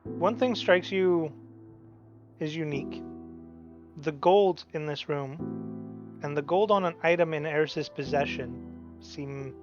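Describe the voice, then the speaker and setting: A game master calmly narrating a tabletop session at a middling pitch, describing scenes plainly. The mic is a little dull and lo-fi, with faint music behind. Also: takes it slowly, pauses often.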